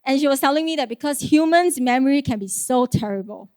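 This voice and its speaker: A woman delivers a sermon with a high, light voice. She talks earnestly and conversationally, posing rhetorical questions and slipping in small laughs. The sound is close and dry. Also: expressive, brisk, a little mellow, dry recording. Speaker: preacher.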